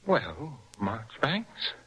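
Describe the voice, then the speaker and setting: An actor playing a proud, earnest middle-aged parson in a radio stage play, speaking forcefully and with indignation. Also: male voice, medium pitch, very animated, extremely slow, breathy edge, full character voice, poor audio. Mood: stern. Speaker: clergyman and husband.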